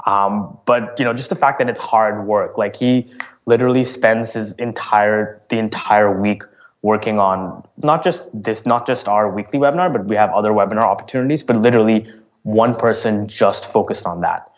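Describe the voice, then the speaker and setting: A man answering interview questions about his business in a casual, halting way, full of fillers and restarts. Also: fairly low pitch, dull audio. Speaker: startup founder.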